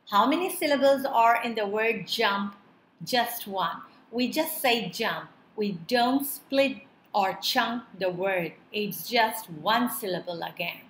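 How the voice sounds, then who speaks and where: A woman teacher speaks slowly with a bright, slightly high voice, stretching words out carefully for beginners. The room echoes a little and a faint hum runs under her voice. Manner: slow, clear, drawn-out word-by-word pronunciation. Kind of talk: children's lesson narration.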